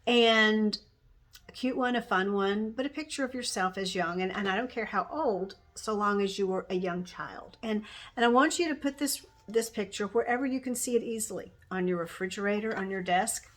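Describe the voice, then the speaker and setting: A woman in her sixties giving gentle, encouraging self-help advice outdoors on a bright day, often repeating herself and restarting phrases. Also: a little high, dry recording. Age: 60s. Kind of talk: casual instructional talk to camera.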